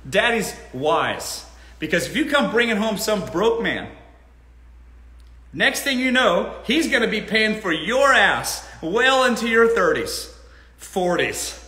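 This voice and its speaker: Animated, high-voiced, blunt male host. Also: slow. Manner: blunt, animated, swears freely. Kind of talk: casual live Q&A. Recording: roomy echo.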